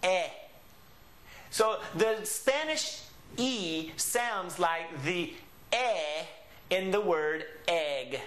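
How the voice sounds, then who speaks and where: Male language teacher, slightly high voice, patient and drawn-out, recorded in a roomy space. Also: a bit bright. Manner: patient, drawn-out model pronunciations. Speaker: Spanish teacher. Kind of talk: classroom lesson. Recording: echoey room.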